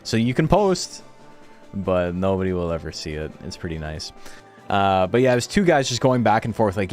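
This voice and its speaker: A young man streams from home, chatting casually and ranting about his viewers while swearing a lot and quoting chat in mocking voices. His low voice is expressive and a little mellow, at a moderate pace, with faint music playing behind him.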